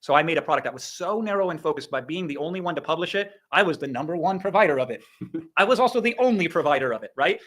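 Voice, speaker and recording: A middle-aged man from Iowa giving an energetic motivational livestream talk as an online business coach, emphatic and punchy, dropping profanity and sound effects. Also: fairly high pitch, fast talker. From Iowa, USA.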